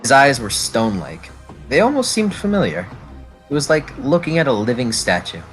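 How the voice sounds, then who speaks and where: A man narrating a tabletop role-play game as its game master, describing scenes with fillers and quick self-corrections. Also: mid-range voice, sing-song, a bit bright, rough recording. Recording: faint background music.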